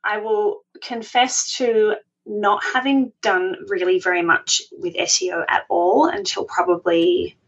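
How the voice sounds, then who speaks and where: A woman speaking as a guest in a relaxed interview, chatty and a little self-deprecating, with frequent laughs. Her voice sits at a middling pitch. The recording sounds somewhat dull and lo-fi. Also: a little slow, hardly any pauses. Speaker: podcast guest, food blogger. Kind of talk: conversational interview.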